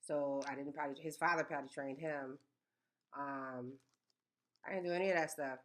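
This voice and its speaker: A woman in a casual, story-filled chat. Her voice sits a little low, and she is animated and emphatic, stacking repeated words to drive her point home. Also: normal speed. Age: 30s.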